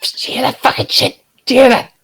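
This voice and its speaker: A man voicing a scared, cursing adventurer in a hushed, frantic voice. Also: quick pace, close to an everyday voice.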